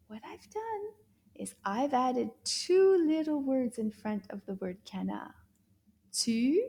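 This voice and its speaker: Female teacher for small kids, middle-aged, dark mellow tone, breathy, theatrical gasps and half-whispered lines. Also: a little high. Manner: exaggerated, gasping, often half-whispered. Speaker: French teacher for children. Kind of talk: children's language lesson.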